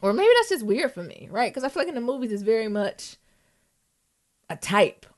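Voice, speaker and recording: Animated woman in lively podcast chat. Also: a little high, a little fast. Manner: animated, often adds "right?" tags. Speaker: podcast co-host.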